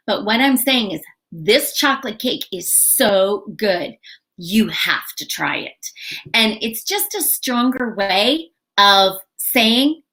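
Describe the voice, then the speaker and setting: Middle-aged woman, ESL teacher, lively sing-song delivery, bright tone, deliberate pace. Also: mid-range voice. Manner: slow, clear teaching with acted example phrases. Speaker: ESL instructor. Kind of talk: live online English lesson.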